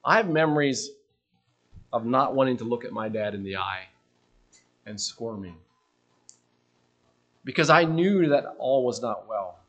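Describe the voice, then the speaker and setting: A man's voice: medium pitch, animated, a little slow, long pauses, slightly rough, lo-fi sound. Earnest man preaching a sermon. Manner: earnest questioning, dropping soft at phrase ends.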